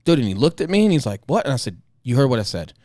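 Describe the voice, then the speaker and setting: Man, 30s, podcast co-host, quick delivery, blunt and profane, dry close sound. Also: mid-range voice, very animated, a little mellow, dry recording. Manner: blunt, profane storytelling with reenacted dialogue. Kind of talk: casual chat.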